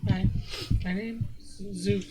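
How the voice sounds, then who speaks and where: A player in a tabletop game, giving terse, gruff replies, often a single word. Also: mid-range voice, steady tone, takes it slowly, a crowd in the background. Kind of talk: tabletop game role-play.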